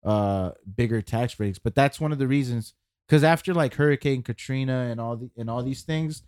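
A man in his forties chatting on a podcast in a relaxed, rambling way with many fillers and repeated words. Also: medium pitch, normal speed, clean tone, no room sound, clean studio sound. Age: 40s. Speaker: podcast co-host. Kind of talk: casual chat.

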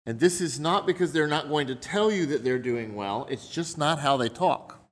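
A man's voice: a little high, expressive, moderate pace. A man preaching a sermon in a conversational way, explaining his points through everyday examples.

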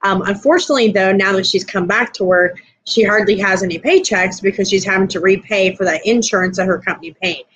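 A woman's voice: medium pitch, brisk, hardly any pauses, fairly bright tone, husky, poor audio. A woman co-hosting a live stream, chatting casually and rambling with lots of fillers. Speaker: podcast co-host.

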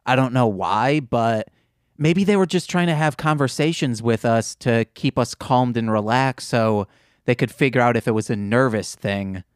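A man's voice: mid-range voice, normal speed, clean tone, dry recording, clean studio sound. A young adult man co-hosting a podcast, rambling and poking fun at himself in a casual chat. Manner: easygoing, rambling, self-deprecating. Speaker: podcast co-host.

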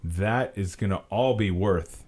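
A man's voice: sits low, unhurried, a little mellow. A man co-hosting a podcast, chatting casually and explaining his views at length. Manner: easygoing, explains at length, asks questions. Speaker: podcast co-host. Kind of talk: casual chat.

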